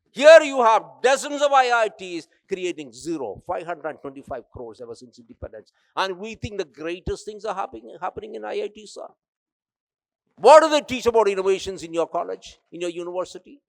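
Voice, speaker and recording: A man's voice: high-pitched, vocal fry, dry recording. An older man from India with an Indian accent, giving an emphatic, exhorting motivational keynote speech that addresses the crowd directly. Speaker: keynote speaker.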